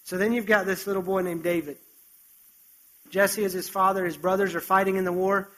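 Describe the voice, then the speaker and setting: A man with a notably high voice preaching a sermon. He tells the story in an animated, chatty way and breaks off for conversational asides to his listeners. His delivery moves between plain retelling and earnest exhortation. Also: fairly quick, poor audio.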